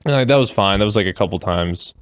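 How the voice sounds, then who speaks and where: A young adult man as a podcast guest, talking in a deadpan way with dry humor. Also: lowish voice, fast, smooth, no echo. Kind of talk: casual podcast interview.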